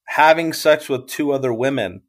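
A man's voice: mid-range voice, normal speed. A man co-hosting a podcast, recapping a TV show in a rambling, hesitant way full of ums. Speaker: podcast co-host. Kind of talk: casual chat recap.

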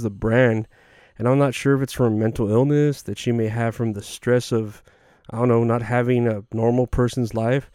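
A man's voice: medium pitch, warm tone, no echo, clean studio sound. A young man hosting a podcast, telling crude, self-deprecating comic stories in a rambling way. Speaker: podcast host. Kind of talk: rambling comedic monologue.

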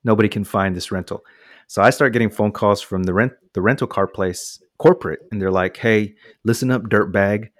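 A man's voice: fairly low pitch, fairly quick, no room sound, studio quality. A man from the United States casually telling a long personal story, acting out quotes from the people involved. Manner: animated anecdote with voiced quotes.

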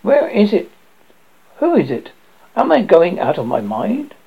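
A man reading aloud and voicing an agitated, excitable male lawyer who stammers, in a raspy, gravelly voice on a dull lo-fi recording. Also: high-pitched, unhurried, exaggerated voice.

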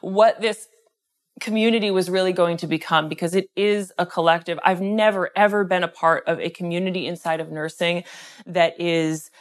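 A woman's voice: fairly low pitch, steady tone, moderate pace. A middle-aged woman co-hosting a podcast in casual chat, upbeat and enthusiastic, laughing often. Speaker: podcast co-host.

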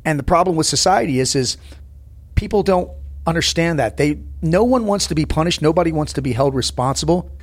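A former Navy SEAL in his fifties, appearing as a podcast guest, tells stories in a blunt, profane, animated way, breaking into emphatic bursts. His voice sits a little high for a man, and his brisk delivery stays conversational in this casual chat.

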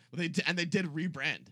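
A mid-pitched man talks loosely on a comedy podcast, wandering into jokes and laughing at them. His voice is bright and moves around a lot. The sound is dry and close to the mic. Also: no room sound. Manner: rambling, joking, laughs at own bits. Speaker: podcast co-host. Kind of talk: casual comedic podcast banter.

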